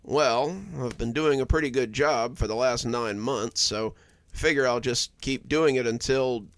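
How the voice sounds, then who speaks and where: A man's voice: mid-range voice, a little slow, no room sound, lightly acted. A man voicing a kind young man who teases the old woman he looks after, in a storybook reading. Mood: earnest. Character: kind young man caring for a sick widow, joking.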